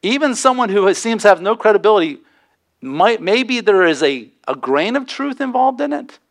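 A man preaching a sermon as pastor, animated, acting out quoted voices with folksy asides. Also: high-pitched, normal speed.

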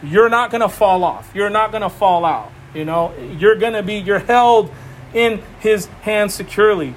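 A man preaching an informal sermon, animated and emphatic, repeating phrases and laughing often. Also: sits high, moderate pace, a little hiss or hum. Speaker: preacher teaching a Bible study.

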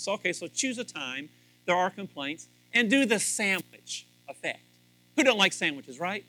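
A man's voice: high-pitched, pushed and bright, no echo, low-quality recording. A man speaking to a live audience about marriage in a joking, folksy way, rambling with restarts. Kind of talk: humorous sermon to a live audience.

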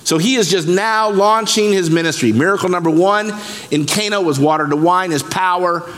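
A man pastor preaching a sermon, lively and emphatic, breaking scripture down word by word. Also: high voice, normal speed. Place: church sanctuary. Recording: long reverb of a church hall.

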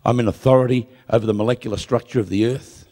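A man preaching a live sermon, telling stories with jokes and building to loud proclamations. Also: medium pitch, fast talker. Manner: lively storytelling with jokes, rising to loud proclamation. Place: church or hall with a live audience.

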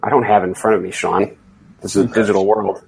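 A man hosting a casual fantasy football podcast chat as league commissioner, rambling with halting restarts. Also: fairly low pitch, flat delivery, vocal fry, slight background noise, low-quality recording.

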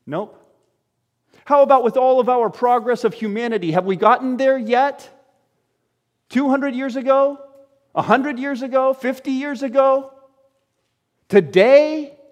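Male pastor, high voice, lively sermon delivery with rhetorical questions, church hall reverb. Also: a little slow, long pauses, muffled recording. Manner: animated, rhetorical questions, shifts between loud exclamations and low quiet asides.

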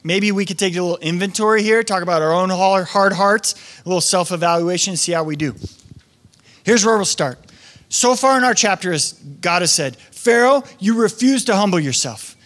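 A male pastor delivering a sermon in a chatty, informal way. His voice sits high for a man, and he keeps slipping into short imitations of the people he talks about. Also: normal speed, fairly bright tone. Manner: conversational, acts out quoted voices.

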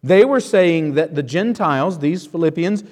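A man's voice: a little high, expressive, normal speed, darkish tone. A man preaching an expository sermon, emphatic and driving his points home with rhetorical questions. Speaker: pastor.

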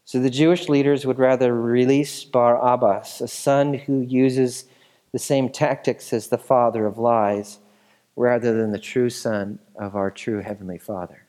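A man's voice: medium pitch, fairly even intonation, a little slow, warm tone. A man preaching a sermon as a pastor, teaching in a casual, conversational way with asides and questions to the congregation.

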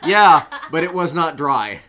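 A man's voice: a little high, lively intonation, unhurried, crowd noise. Young man, podcast co-host, casual storytelling, profane, rambling.

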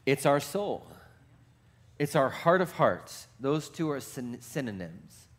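A man pastor preaching a sermon, moving from hushed, reflective passages to shouted, rapid-fire exclamations, and putting questions to the congregation. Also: mid-range voice, sing-song.

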